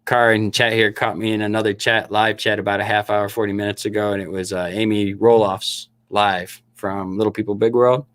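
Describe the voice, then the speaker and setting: A man's voice: lowish voice, level tone, brisk, hardly any pauses, fairly bright tone, clean tone, no room sound, studio quality. A middle-aged man from Michigan's Upper Peninsula chatting casually with viewers on his livestream, laughing often and restarting his sentences. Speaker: livestream host and snake breeder.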